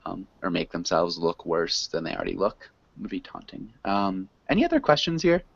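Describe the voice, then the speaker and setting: A man teaching a class, stopping often with ums as he explains. His voice sits a little low. The classroom recording sounds dull and lo-fi. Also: very animated, creaky, no room sound. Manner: halting, explains slowly with many ums. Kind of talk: classroom reading discussion.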